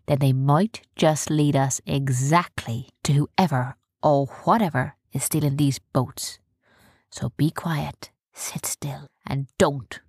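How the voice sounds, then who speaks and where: A woman voicing a cautious older male pirate captain who gives hushed, commanding orders. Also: sits low, husky, no echo, studio quality, full character voice.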